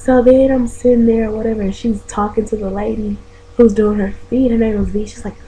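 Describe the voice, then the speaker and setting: A woman's voice: a little high, steady tone, brisk, warm tone, a little hiss or hum, poor audio. A woman vlogger telling a story to her viewers in a chatty, profane way, calling them y'all. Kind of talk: casual storytelling vlog.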